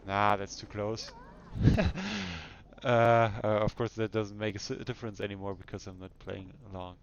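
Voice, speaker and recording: A man's voice: lowish voice, flat delivery, moderate pace, lo-fi sound, slight background noise. Chatty man commenting gameplay. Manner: chatty and self-mocking, often laughing to himself. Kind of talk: casual let's-play commentary.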